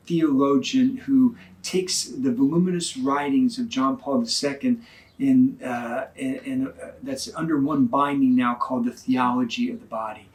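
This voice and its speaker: A man giving an informal sermon, telling a story in an earnest, conversational way with some repeated starts. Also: mid-range voice. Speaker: parish speaker.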